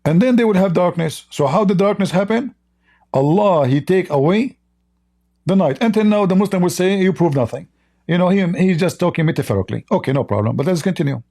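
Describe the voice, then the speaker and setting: Gravelly, dark-voiced man losing his voice. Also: high voice, lively intonation. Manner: reads quoted passages slowly, then comments with mockery. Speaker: live stream host. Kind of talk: livestreamed religious debate commentary.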